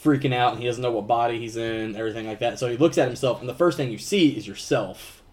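A man's voice: medium pitch, fast, darkish tone. A young man co-hosting a casual group chat, rambling and swearing freely as he acts out quotes from what he watched. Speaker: podcast co-host.

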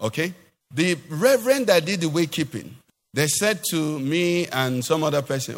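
A male pastor delivers an animated sermon and keeps throwing rhetorical questions at his listeners. His voice sits a little high for a man. The sound rings out with the long reverb of a church hall. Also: normal speed.

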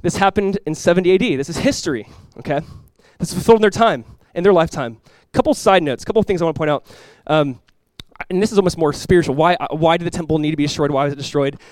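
A male pastor delivers a sermon in a relaxed, conversational way, acting out quick asides along the way. His voice sits a little high and moves at a rapid clip. The recording is dry and close, with no room sound. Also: no echo, rough recording. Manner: casual, animated preaching with playful voiced asides.

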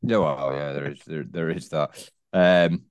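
A man's voice: a bass voice, steady tone, unhurried, smooth, no room sound. A man co-hosting a casual football podcast, stumbling over his words and repeating himself, with bursts of teasing. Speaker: podcast co-host.

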